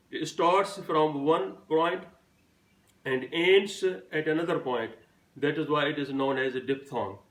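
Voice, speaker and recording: A man's voice: fairly high pitch, reverberant, recorded from a distance, low-quality recording. A man giving a phonetics lesson, carefully spelling out example words one at a time. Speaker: teacher.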